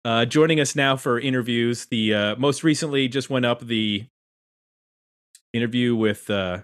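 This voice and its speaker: A man's voice: mid-range voice, normal speed. A man hosting a casual podcast roundtable, chatty and self-deprecating as he introduces guests. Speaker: podcast host.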